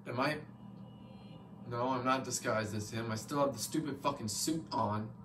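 A man's voice: medium pitch, normal speed, far from the mic. A young man commentating his own gameplay, frustrated and swearing constantly. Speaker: gamer playing live. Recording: noisy background ambience.

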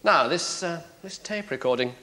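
An actor playing a sharp, sardonic prosecutor cross-examining a witness in a courtroom drama. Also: male voice, fairly high pitch, expressive, moderate pace. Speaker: prosecuting barrister.

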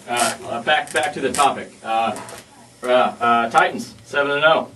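A man's voice: medium pitch, unhurried. A male radio co-host bantering on air in a studio and apologizing meekly. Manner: joking, then meekly apologetic. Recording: distant mic, faint noise.

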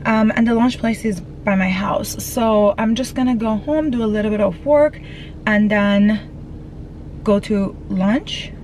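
A woman's voice: medium pitch, a little slow, a little mellow, slight background noise, low-quality recording. A woman vlogging casually from inside her car, chatty and rambling with lots of fillers, a bit out of breath, recorded on a phone. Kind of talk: casual vlog chat.

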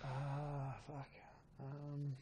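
A man's voice: a little high, monotone, very slow, mellow, slight background noise. A man, a guest in casual chat, rambling through stories, swearing freely and acting out what others said. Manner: rambling storyteller, swears freely, acts out quotes. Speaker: guest, rugby league player.

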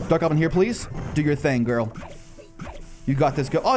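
Excitable high-voiced man narrating gameplay. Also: normal speed, music in the background. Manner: excitable, bursts into high disbelieving shouts. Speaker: gaming channel host. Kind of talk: live gameplay commentary.

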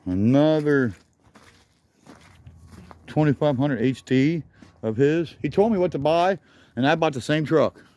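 A man's voice: a little high, a little slow, long pauses, a little mellow. A man walking around outdoors filming a junkyard, rambling enthusiastically as he names vehicles, a little out of breath. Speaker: vlogger. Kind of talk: casual walk-around commentary.

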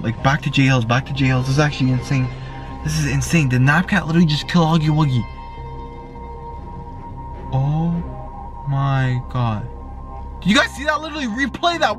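A young man vlogs in a hyped, slangy voice that sits fairly high for a man. He repeats himself and keeps things casual. Faint music plays in the background. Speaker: vlogger. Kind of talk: excited casual vlog.

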